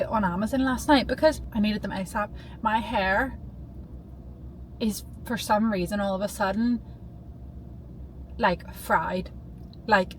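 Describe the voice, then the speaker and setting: A young woman vlogging in a casual, rambling way, bubbly and quick to get excited. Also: medium pitch, a little hiss or hum, low-quality recording. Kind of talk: casual chatty vlog.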